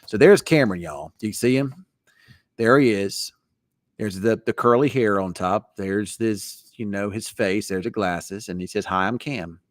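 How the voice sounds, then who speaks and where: A man's voice: lowish voice, measured pace, no echo, clean studio sound. A man hosting a weather show, chatting casually in a rambling, teasing way. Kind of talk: casual late-night live chat.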